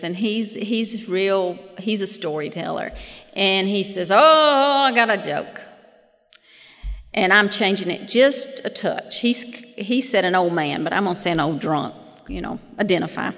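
A woman's voice: lowish voice, a little slow, fairly bright tone. A woman in her fifties sharing her personal story at a recovery meeting, folksy and self-deprecating, with chuckling asides. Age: 50s. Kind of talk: personal testimony with humorous storytelling. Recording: long hall reverb.

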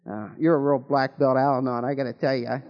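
A man's voice: medium pitch, level tone, quick pace. A man telling jokes and stories at a recovery meeting, rambling, with many restarts, in a folksy way. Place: meeting hall with an audience. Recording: dull long-reverb hall recording.

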